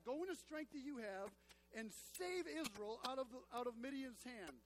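A man's voice: very high-pitched, animated, normal speed, fairly bright tone, slight background noise. A man preaching a sermon in a church, addressing the congregation emphatically and repeating key phrases. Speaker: pastor.

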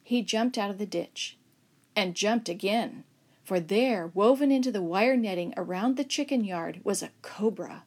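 A woman narrating a children's Bible story aloud, lively and expressive, raising her voice for shouted lines. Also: mid-range voice, moderate pace. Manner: expressive, acts out shouts and whispers.

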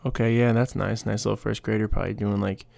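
A young man hosts his own podcast, telling rambling stories and slipping into quoted voices. His voice sits low with a gravelly edge, and the sound is dry and close to the mic. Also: little pitch movement, fast talker, darkish tone, no echo. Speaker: podcast host. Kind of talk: casual solo podcast chat.

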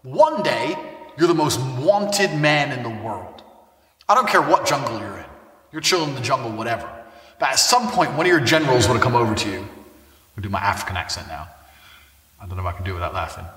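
Cocky guy ranting and swearing at the camera, bright lively voice, mic kinda far, roomy echo. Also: mid-range voice, brisk, pauses often. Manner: brash, boastful and heavily profane. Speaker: online personality. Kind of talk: casual monologue to camera. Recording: echoey room, mic far off.

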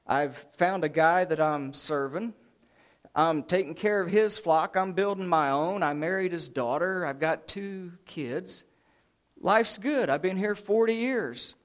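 A man's voice: high voice, measured pace. A man preaching a sermon, playing Moses as a plain-spoken shepherd who talks conversationally and protests in a hurry. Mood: contented. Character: Moses, settled older shepherd, anxious to object.

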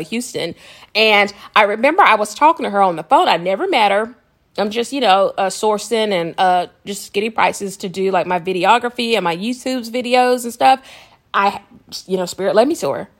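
A chatty woman hosts a podcast with casual spiritual self-help talk. She rambles, laughs often and checks in with her listeners. Her pitch sits in a middle range. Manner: laughs often while talking. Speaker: podcast host.

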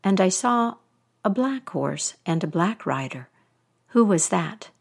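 A woman's voice: fairly low pitch, animated, takes it slowly, vocal fry, breathy edge, exaggerated voice. Woman doing a timid, polite young girl. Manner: polite and hesitant.

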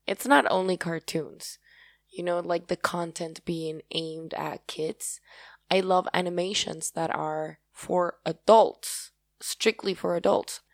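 Podcast host, woman, Paraguayan accent, native Spanish speaker; low, slow and gravelly, earnest and gushing. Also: no room sound. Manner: rambling, earnest and effusive. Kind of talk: casual solo talk.

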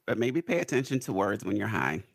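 Podcast host guy, super animated, voice jumps all over, dry close sound. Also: on the low side, a little fast, gravelly, slightly rough, dry recording. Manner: animated storyteller, acts out voices. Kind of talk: casual chat.

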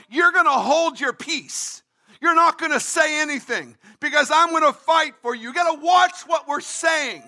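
A man preaching with a very high, piercing, bright voice. He delivers an emphatic livestreamed sermon, reading scripture and repeating key phrases, now and then rising to a shout. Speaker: pastor.

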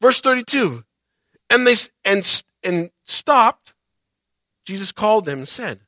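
Male pastor, sermon delivery, bright tense tone, dramatic swings in volume, acts out voices. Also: sits high, measured pace, pauses often, dry recording. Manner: animated preaching, acts out quoted voices, swings loud and soft.

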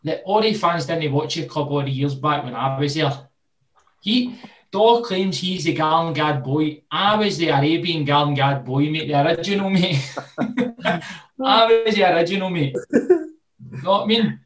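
A man's voice: on the high side, moderate pace, a bit bright, roomy sound. A man with a Scottish accent, co-hosting with laughing, joking banter. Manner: laughing, joking, says "mate" a lot. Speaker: co-host, former player. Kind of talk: casual banter.

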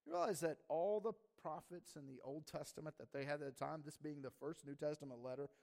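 A man's voice: fairly high pitch, fairly quick, creaky, a little mellow. A man preaching a sermon in a casual, conversational way, often checking in with the audience and asking "right?". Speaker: pastor.

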